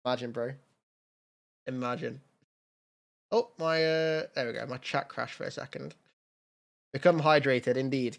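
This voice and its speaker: A man's voice: medium pitch, fairly even intonation, measured pace, vocal fry, pauses often. A man chatting casually on a livestream, rambling with fillers and thanking donors by name. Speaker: streamer.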